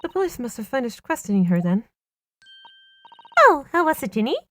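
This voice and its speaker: A woman voicing a polite, cheerful young female assistant in a prim, gentle, proper way, reading game dialogue on a stream. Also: high-pitched, sing-song, normal speed, faint music behind, pitched above the performer's own voice.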